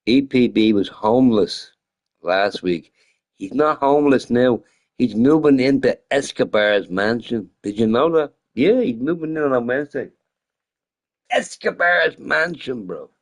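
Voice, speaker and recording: Man, game streamer, a little drunk, rambling casual chat, profane, laughs a lot, mid-pitched. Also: animated, measured pace.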